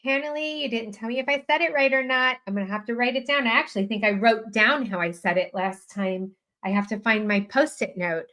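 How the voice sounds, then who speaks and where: A woman's voice: on the high side, a little fast, fairly bright tone. A woman hosting a live writing sprint stream, chatting casually and self-deprecatingly as she reads out viewers' updates.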